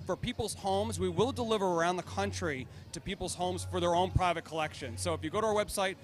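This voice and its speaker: High-voiced man pitching his vodka. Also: quick pace. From United States. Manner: enthusiastic, laughs often, repeats words. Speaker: vodka brand founder. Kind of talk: casual interview chat.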